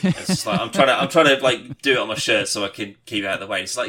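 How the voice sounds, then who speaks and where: A man, a podcast co-host, chatting casually and telling a rambling, animated story with swearing and laughter. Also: lowish voice, a little fast, hardly any pauses. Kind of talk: casual chat.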